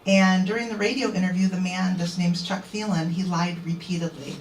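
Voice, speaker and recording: A woman's voice: lowish voice, fairly quick, a little hiss or hum. A woman activist telling a crowd an indignant story and acting out what others said. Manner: indignant, quoting others in animated voices. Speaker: activist speaker. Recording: echoey, distant mic.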